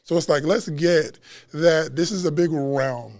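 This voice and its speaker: A man who works as a chef and Reiki practitioner, chatting as a guest at a live podcast taping in a bookstore and telling stories in an animated, slangy way. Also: a little high, measured pace, dry recording. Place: bookstore event space.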